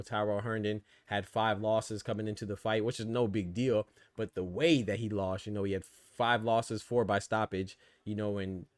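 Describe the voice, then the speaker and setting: Male boxing-show host, low voice, dry close sound, casual and rambling with fillers. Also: no room sound. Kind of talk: live boxing commentary chat.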